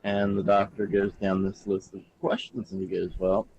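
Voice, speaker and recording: A man's voice: lowish voice, moderate pace, muffled recording. A man on a podcast telling a joke plainly and dryly. A faint hiss sits under his voice. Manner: deadpan joke-teller. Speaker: podcast co-host. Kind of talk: casual podcast chat.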